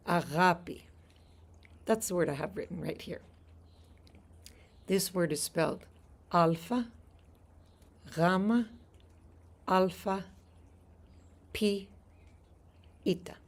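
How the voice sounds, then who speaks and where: A woman teaching a Greek lesson on a live stream from a house deck outdoors. She explains things patiently and laughs easily. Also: fairly low pitch.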